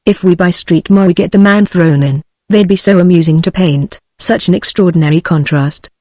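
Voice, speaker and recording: A text-to-speech British English woman's voice reading the lines of a young, wealthy society wife in a flat delivery. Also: lowish voice, moderate pace, no echo, clean studio sound, natural voice. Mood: eager. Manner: flat synthetic delivery of dialogue.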